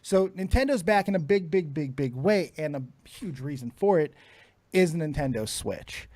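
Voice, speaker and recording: A man's voice: on the high side, normal speed, no echo. A middle-aged man co-hosting a casual podcast, swearing freely and laughing often. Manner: profane, laughs often, excitable. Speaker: podcast co-host.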